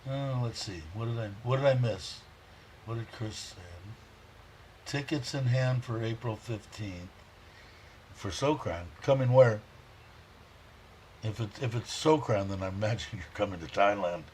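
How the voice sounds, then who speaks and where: A man hosting a casual livestream, rambling warmly, chuckling and reading viewer comments aloud. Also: on the low side, a little slow, pauses often, a little hiss or hum. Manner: heartfelt, chuckles often. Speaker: livestream host.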